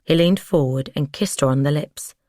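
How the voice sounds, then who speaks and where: Low-pitched woman, measured audiobook narrator, dry close mic. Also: mellow, no room sound.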